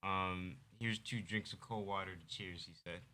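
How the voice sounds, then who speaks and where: A young man co-hosting a livestream with short, low-key interjections. His voice sits a little low but sounds bright. A faint hiss runs under it. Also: steady tone, moderate pace. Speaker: livestream co-host, son. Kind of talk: casual livestream chat.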